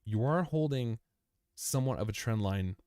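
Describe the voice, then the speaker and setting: Medium-pitched, animated, and slightly mellow, this young man speaks at a normal speed on a dry, studio-quality recording. He runs a crypto chart livestream, casually walking through price charts while repeating phrases. He speaks to the chart as "you" and calls listeners "man," "dude," and "bro."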